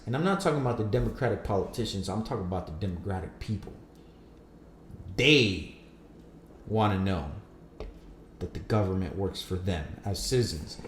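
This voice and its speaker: A man's voice: fairly low pitch, darkish tone, roomy sound, a little hiss or hum. Profane ranting podcast man. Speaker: podcast co-host. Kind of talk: casual podcast chat.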